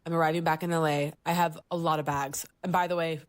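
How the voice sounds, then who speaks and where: Woman, 30s, podcast co-host. Lower register, close and dry mic. Lively storyteller who jumps into squeaky voices for the quotes. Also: fast talker, dry recording. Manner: animated storyteller, acts out voices and jumps up high for quoted lines. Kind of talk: casual chat, telling a story.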